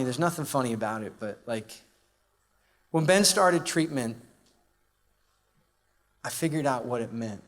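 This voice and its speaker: A man gives a heartfelt personal testimony from a conference stage, speaking into a microphone before a large live audience. His delivery is conversational and emotional, loose with fillers, on a voice of ordinary middle pitch. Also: expressive, unhurried, long pauses. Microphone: handheld or stage microphone.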